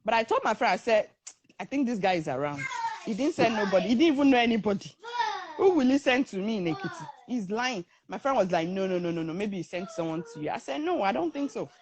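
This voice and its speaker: A woman's voice: fairly high pitch, fast, slight background noise. Woman telling her story animatedly. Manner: animated, acts out the voices of others in her story. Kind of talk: casual storytelling.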